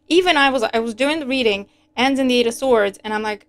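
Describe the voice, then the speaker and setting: A woman giving a casual, animated tarot reading, chatty and quick to laugh. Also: fairly high pitch. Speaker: tarot reader.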